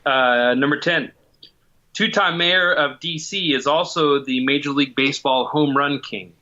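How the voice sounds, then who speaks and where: A man in his forties, reading trivia clues in an even, measured way. His voice is bright and a little tense. The audio is slightly muffled and dull. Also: a little high. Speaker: quizmaster reading trivia questions. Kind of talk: casual podcast trivia game.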